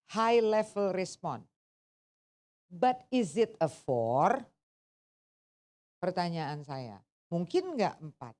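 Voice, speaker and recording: A woman teaching an English test class, switching between languages and firing questions at her students. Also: medium pitch. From Indonesia. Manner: animated, asks the class questions, code-switching. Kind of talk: interactive lesson, mixing English and Indonesian.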